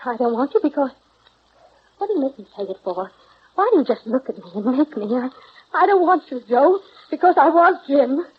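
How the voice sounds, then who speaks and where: A woman's voice: on the high side, big pitch swings, fast, pauses often, husky, muffled recording, full character voice. An actress in 1930s radio acting, playing an emotional, pleading young woman in love, heard on a hissy vintage radio broadcast. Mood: distraught.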